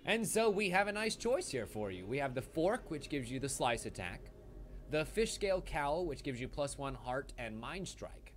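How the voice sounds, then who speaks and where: A man giving live commentary while he plays a video game, excitable and quick to swear when things go wrong. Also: a little high. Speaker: game streamer. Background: game music.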